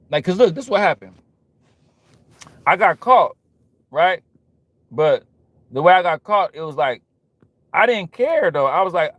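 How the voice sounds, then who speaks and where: A young man talking casually in an animated, repetitive way, full of street slang. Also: a little high, moderate pace, long pauses, no echo. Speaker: host. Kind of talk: casual monologue.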